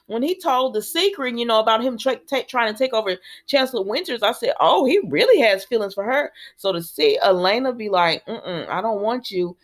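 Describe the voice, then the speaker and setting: A woman's voice: fairly high pitch, sing-song, a little fast, hardly any pauses. Chatty woman recapping a soap. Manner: chatty, conversational, acts out characters' lines while retelling; talks straight to the viewers. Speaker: soap opera recap host.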